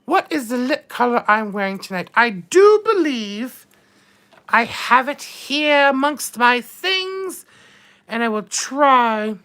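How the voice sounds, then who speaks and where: A woman's voice: on the high side, very animated, slow, a bit bright, full character voice. A woman playing a vain, flirtatious mature duchess who drawls "darling" and trades bawdy innuendo while hosting a live chat in character. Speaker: live-stream host in character.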